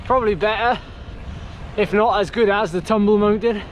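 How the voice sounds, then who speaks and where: Chatty high-voiced man vlogging on a ride. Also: steady tone, normal speed, slight background noise, rough recording. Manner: chatty, rambling with many fillers. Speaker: cyclist vlogger. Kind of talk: casual vlog to camera. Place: outdoors on a road ride. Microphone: handheld camera outdoors.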